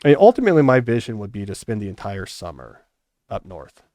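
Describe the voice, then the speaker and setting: A man's voice: lowish voice, very animated, fast talker, mellow, dry recording. A middle-aged man hosting a podcast in a casual, reflective chat, thinking aloud. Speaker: podcast host.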